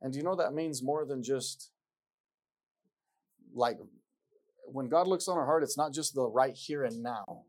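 A man preaches at a measured pace with long pauses, his voice mid-range. He reads King James scripture aloud and makes his points emphatically, repeating lines and asking rhetorical questions.

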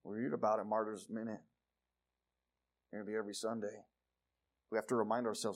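A male preacher giving a sermon, reading scripture and moving from loud declarations to quiet asides. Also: fairly low pitch, flat delivery, fairly quick, pauses often. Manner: reads scripture aloud in King James wording.

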